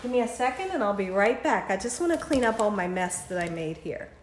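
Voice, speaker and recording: A woman's voice: mid-range voice, very animated, fairly quick, reverberant, a little hiss or hum. A woman hosting a home cooking video, chatting with viewers as she tastes and pours, laughing often. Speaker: cooking channel host. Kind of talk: casual cooking demonstration. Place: home kitchen.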